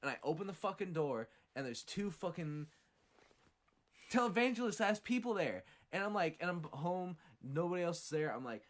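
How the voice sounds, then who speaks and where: A man hosting a podcast who tells stories in a profane, animated way. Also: high voice, moderate pace. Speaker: podcast host. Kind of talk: casual storytelling.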